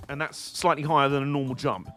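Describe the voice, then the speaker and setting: A man's voice: mid-range voice, fairly even intonation, fast, fairly bright tone, soft background music. A British man streaming a video game, giving casual, joking and rambling commentary. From Britain.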